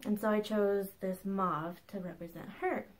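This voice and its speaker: A woman's voice: mid-range voice, fairly even intonation, normal speed, low-quality recording. A woman in her thirties hosting her own crafting podcast at home, chatting casually and bubbly, often breaking into a laugh between asides. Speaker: podcast host. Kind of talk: casual chat.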